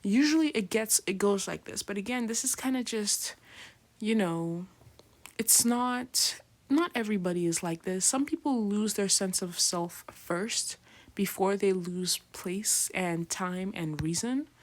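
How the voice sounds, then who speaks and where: A woman's voice: mid-range voice, a little slow. A woman teaching a casual lecture, chatty and full of fillers, often checking in with "right?". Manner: chatty, filler-heavy, keeps asking "right?"; acts out patients in slangy voices. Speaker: nursing lecturer.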